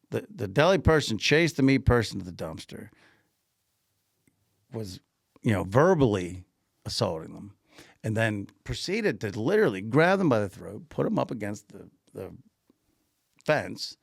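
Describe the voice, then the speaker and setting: A man co-hosting a podcast, casually telling an animated anecdote, laughing often and repeating himself. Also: on the low side, creaky, dry recording, studio quality. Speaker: podcast co-host and grocery store owner.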